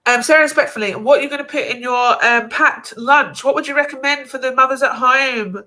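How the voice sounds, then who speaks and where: A young woman hosting a live stream, chatty and animated, laughing easily. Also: high-pitched, fairly quick. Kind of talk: casual chat.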